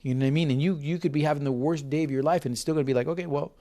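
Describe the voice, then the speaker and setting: A man's voice: a little high, steady tone, rapid-fire, dark tone. A man in his fifties, a podcast guest, telling a story in an earnest, heartfelt way with frequent restarts and repeated words. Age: 50s. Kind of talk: conversational interview storytelling.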